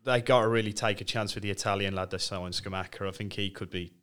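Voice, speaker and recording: A man's voice: lowish voice, fairly even intonation, quick pace, fairly bright tone, smooth. A man co-hosting a football podcast, chatty and opinionated, often stumbling over his first words. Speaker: podcast co-host. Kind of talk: casual football chat.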